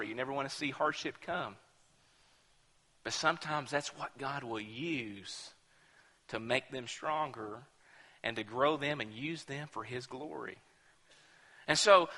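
A man's voice: high voice, sharp tone. A male pastor preaching a sermon with emphasis, often repeating words as he builds a point. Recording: echoey hall.

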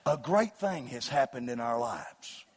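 A middle-aged man preaching a sermon, rising into loud shouted passages and then telling joking stories about his family and dog. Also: mid-range voice, animated, unhurried, breathy edge. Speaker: pastor. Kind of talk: sermon with humorous storytelling.

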